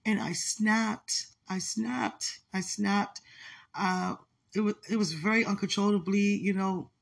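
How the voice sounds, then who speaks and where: A woman giving an emotional, halting personal testimony in an interview, often pausing and filling gaps with "you know". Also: mid-range voice, fairly even intonation, vocal fry. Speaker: interviewee sharing her story.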